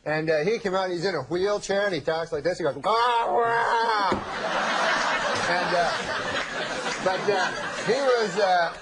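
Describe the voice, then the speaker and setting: A man doing a comedian's deadpan jokes and a halting, circling talk show story. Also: sits high, background noise. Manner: deadpan, halting, circling back over his own phrases. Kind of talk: deadpan joke delivery and rambling anecdote.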